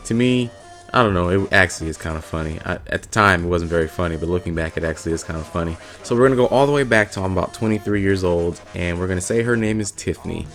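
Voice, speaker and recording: A man's voice: deep voice, quick pace. A man vlogger telling a funny story from his past in a casual, blunt and profane way. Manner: profane, blunt, animated retelling.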